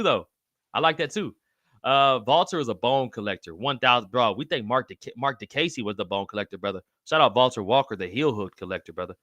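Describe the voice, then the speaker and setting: On his live podcast stream, a man excitedly reads and reacts to chat, swearing freely and calling everyone brother. He has a mid-range voice, talks fairly quickly, and there's no room sound.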